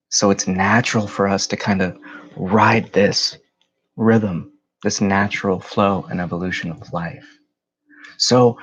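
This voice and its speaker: A man leading a guided meditation in a slow, soothing voice with drawn-out phrases. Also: on the low side, muffled recording. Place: home.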